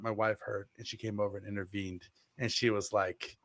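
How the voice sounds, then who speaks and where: Man, thirties, podcast co-host, animated storyteller, close dry mic. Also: medium pitch, a little fast, no room sound. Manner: animated storyteller, acts out quotes. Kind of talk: casual chat, storytelling.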